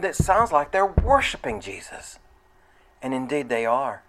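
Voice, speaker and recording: Male preacher, mid-pitched, plain delivery, verse-by-verse sermon that sometimes builds to loud excitement. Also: unhurried, poor audio. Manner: conversational, rising to loud excited retelling.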